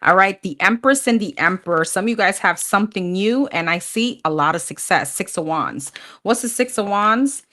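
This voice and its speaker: A woman's voice: medium pitch, animated, normal speed, pushed and bright. A woman doing a live tarot reading, talking bluntly and casually, swearing freely and calling her viewers honey. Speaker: tarot reader.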